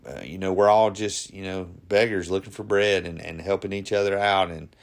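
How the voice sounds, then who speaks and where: A man's voice: sits low, fairly even intonation, brisk, gravelly. A man hosting a faith-based talk on grief, speaking earnestly and conversationally, often restarting his sentences. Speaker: podcast host.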